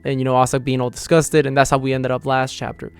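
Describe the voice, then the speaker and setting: A man as a casual YouTube manga reviewer, mid pitch, animated retelling, filler-heavy. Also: quick pace, clean tone. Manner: rambling, lots of "like" and "you know" fillers. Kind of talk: casual chapter review and reaction.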